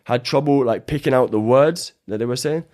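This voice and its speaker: A man's voice: medium pitch, fairly quick, a little mellow. A British man in casual podcast conversation, rambling with many restarts and fillers. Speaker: guest, jiu-jitsu coach.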